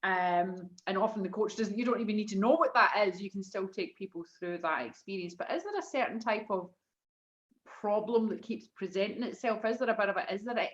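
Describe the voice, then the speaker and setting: A woman hosts a casual business interview, asking questions with enthusiasm and pausing on frequent fillers. Her voice sits at an ordinary middle pitch. The sound is somewhat dull and muffled. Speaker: host.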